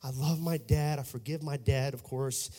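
A man preaching a sermon, telling a personal story quietly and then rising to shouted praise. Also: mid-range voice, steady tone, normal speed, in a large hall.

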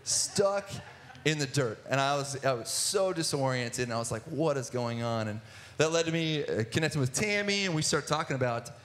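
A man's voice: a little high, lively intonation, brisk, fairly bright tone. A young man in his twenties telling his personal testimony in church, earnest, with many restarts and filler words. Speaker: guest speaker sharing testimony.

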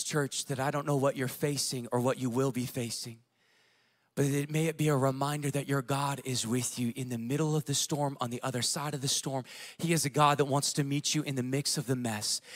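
A man in his thirties preaching a sermon as pastor, telling family stories in a casual way with fillers, dropping to a hush and then rising loud. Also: mid-range voice, fairly even intonation, brisk. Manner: casual storytelling with fillers, swinging between hushed and loud.

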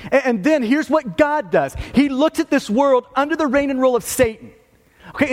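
Male pastor, very high voice, emphatic sermon, stumbles over words, long hall reverb. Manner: emphatic, repeats and restarts words, asks "okay" and "right".

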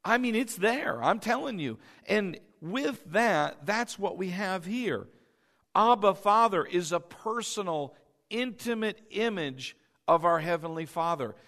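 A man's voice: high voice, lively intonation, a little slow, fairly bright tone, in a large hall. A male pastor preaching a sermon in a conversational, emphatic way, often checking in with the congregation and repeating key phrases.

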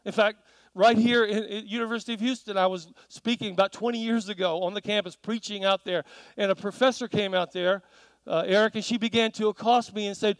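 A man's voice: high voice, quick pace, no echo, poor audio. A man preaching a sermon in a church, telling stories and asking the congregation questions. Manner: animated storytelling with audience questions.

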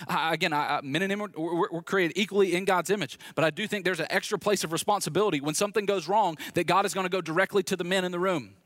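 A man's voice: sits high, a bit bright, dry recording, studio quality. A male pastor preaching a sermon in a conversational way, with wry asides.

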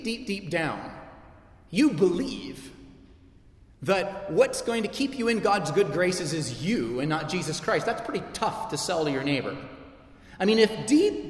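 A middle-aged male pastor delivers a sermon in a slightly high voice, moving between easy conversational asides and impassioned, repeated emphasis. His voice rings through a large, echoey church hall with a long reverb tail. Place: church sanctuary.

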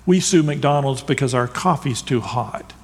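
A man preaching a sermon as a pastor, building to emphatic peaks and dropping to soft, hushed lines. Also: mid-range voice, moderate pace. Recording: long hall reverb.

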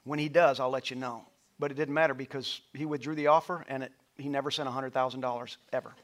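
A middle-aged male pastor preaching a sermon in a church, rising to loud passionate peaks and dropping to a soft storytelling voice. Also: medium pitch, steady tone, quick pace. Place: church auditorium with stage lights.

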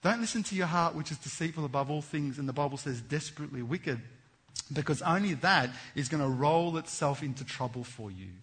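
A man preaching a sermon, swinging between loud fervent exhortation and hushed earnest appeals. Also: fairly high pitch, brisk, husky.

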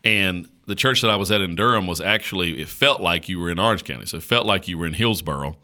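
A man from rural North Carolina, a pastor talking on a podcast in a slow country drawl and checking in with "right?". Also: sits low, sharp tone. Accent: rural North Carolina Southern. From North Carolina, USA. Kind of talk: casual podcast chat.

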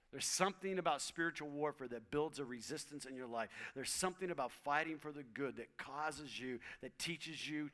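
Bright-voiced, emphatic male preacher. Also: on the high side. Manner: emphatic, swinging from loud to whispers, repeats phrases. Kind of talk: sermon.

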